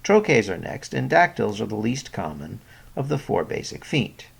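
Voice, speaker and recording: Gravelly, husky male narrator for a poetry lesson, lively pitch, careful and explanatory. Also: moderate pace. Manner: clear explanatory delivery, stressing example words. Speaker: poetry teacher. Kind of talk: scripted educational narration.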